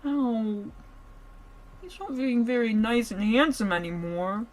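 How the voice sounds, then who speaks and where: A woman's voice: fairly high pitch, animated, takes it slowly. Playful woman streamer reading a story. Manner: playful, giggly, breaks off to joke with chat. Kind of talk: story reading with live reactions.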